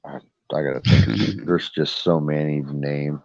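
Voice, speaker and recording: A man's voice: a bass voice, little pitch movement, moderate pace, a little mellow, dry recording. A middle-aged man chatting on a livestream panel, telling rambling family stories and acting out what people said. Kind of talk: casual chat. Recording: dull dry lo-fi livestream audio.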